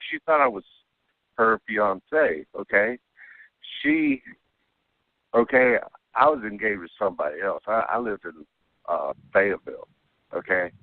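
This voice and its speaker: Over a dry, tinny phone line, a caller with a lowish voice tells his abduction story in a wandering first-person way. He is very animated yet unhurried, pauses often, and keeps dropping in "okay?" and "you know"; there's no echo.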